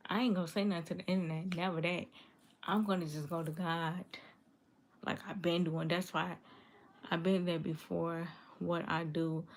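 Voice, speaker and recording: Low gravelly woman, earnest and repetitive. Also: level tone, normal speed. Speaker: livestream vlogger reading viewer comments. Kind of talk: casual confessional talk to viewers.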